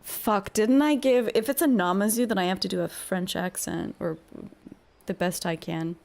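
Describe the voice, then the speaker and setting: A woman's voice: medium pitch, steady tone, normal speed, gravelly, darkish tone. A young woman streamer chatting casually over a game, swearing freely and answering her chat. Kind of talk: casual gaming commentary.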